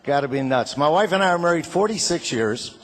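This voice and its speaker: A man's voice: a little high, expressive, fairly quick, noisy background. A man in his sixties from Chicago, doing a folksy stand-up set and chatting with the crowd. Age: 60s. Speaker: comedian and singer.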